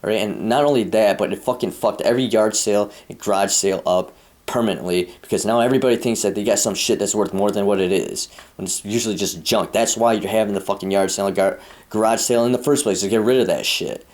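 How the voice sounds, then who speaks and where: Speaking fast in a fairly low, slightly mellow voice, this young man from the United States delivers a casual vlog rant that's rambling, crude and full of profanity.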